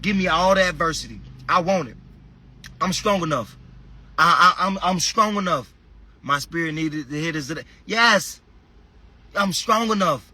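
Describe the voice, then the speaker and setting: A man giving a passionate motivational talk on a phone livestream, preachy, shifting between shouting and quiet, emotional asides. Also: a little high, lively intonation, moderate pace, long pauses, no echo. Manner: impassioned, preachy, swings between shouting and soft. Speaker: fitness motivational speaker.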